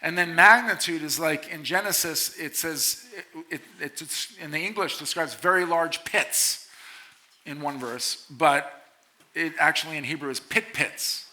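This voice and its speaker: A middle-aged man delivers a sermon to college students with a very bright, forceful edge in his voice. His pitch sits a little high. He talks in an animated, playful way and swings from hushed lines to loud ones. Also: unhurried. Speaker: conference speaker. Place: large conference hall.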